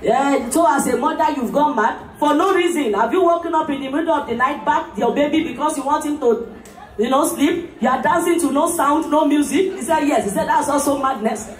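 A woman, the MC at a party, telling a story loudly and playfully with lots of laughter. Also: high voice, fairly quick. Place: large party hall. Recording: echoey hall from far off, crowd.

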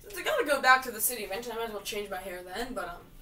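A woman giving casual, jokey commentary while she plays a video game, with sudden loud outbursts. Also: a little high, sing-song, very fast, far from the mic, slight background noise. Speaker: gamer playing through a video game.

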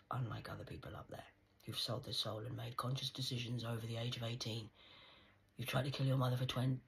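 A woman rambling in a monologue to camera, slipping between hushed whispers and sudden loud outbursts, swearing and speaking in a conspiratorial tone. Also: very deep voice, breathy edge, low-quality recording. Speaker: vlogger.

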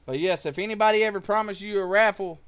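Excitable, profane streamer man, smooth voice. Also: high voice, fast talker. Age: adult with kids. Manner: casual, profane, excitable trash talk. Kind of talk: live-streamed card game commentary.

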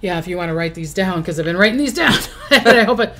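A woman's voice: on the low side, expressive, quick pace, a bit bright, slight background noise. A middle-aged woman hosting a casual livestream, chatting and thanking donors by name. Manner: chatty, reads out donor names. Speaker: host. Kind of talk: casual livestream fundraising chat.

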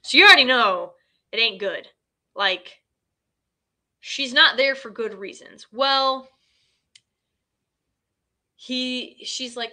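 A woman's voice: a little high, slow, long pauses, sharp tone. A woman hosting a casual film recap, chatty and full of fillers, retelling scenes in quoted dialogue. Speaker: host.

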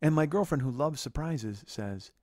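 A male comedian hosts his own show, telling a long comic story in an animated, exasperated way. His pitch leaps up and down as he builds the story to loud peaks. The sound is close and dry, with no room around it. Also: moderate pace, dry recording. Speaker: comedian host.

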